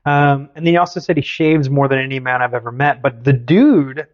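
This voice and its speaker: A man's voice: mid-range voice, a little fast, dull audio. A man hosting a podcast, telling a story in a casual, teasing way. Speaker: podcast host.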